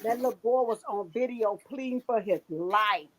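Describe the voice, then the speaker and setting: A high-voiced woman talks in a casual chat. She tells the story with animated repetitions and a lot of emphasis. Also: moderate pace, slight background noise, rough recording. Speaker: host.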